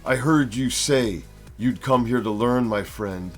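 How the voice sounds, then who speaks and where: A man voicing a calm older male teacher of mutants, read plainly in his own voice. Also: mid-range voice, unhurried, soft background music, natural voice. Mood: reassuring.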